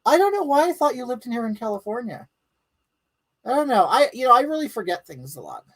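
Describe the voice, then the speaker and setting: A woman's voice: on the high side, sing-song, quick pace, husky, rough recording. A woman hosting a live stream from home, chatting casually and bluntly with viewers and reading out their comments in a rambling, crude way.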